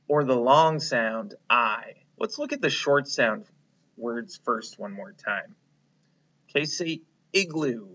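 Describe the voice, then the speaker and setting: A man teaching a phonics lesson to young children, slowly prompting them to repeat words and praising them. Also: medium pitch, sharp tone, dull audio. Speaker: kindergarten teacher.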